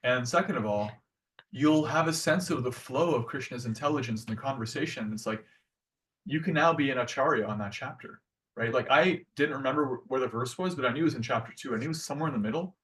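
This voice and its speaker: A man's voice: medium pitch, quick pace, a bit bright. Earnest conversational man, slightly distant mic. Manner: conversational, earnest, full of restarts and "like". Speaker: devotional class speaker. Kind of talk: casual devotional class talk.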